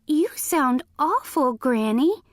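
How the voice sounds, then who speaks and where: A woman voicing a spirited young girl in a storybook read-aloud, sweet with a sharp edge. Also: high voice, sing-song, slow, no room sound, clean studio sound, pitched above the performer's own voice, exaggerated voice. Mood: sweetly pointed. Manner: sweetly pointed. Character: spirited young girl, fierce about her granny.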